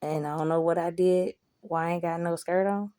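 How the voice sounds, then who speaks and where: A woman's voice: on the low side, fairly even intonation, normal speed, mellow. A woman telling a story to the camera in a casual, rambling way, swearing a lot and asking "you know?". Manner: profane, rambling, asks listener "you know?".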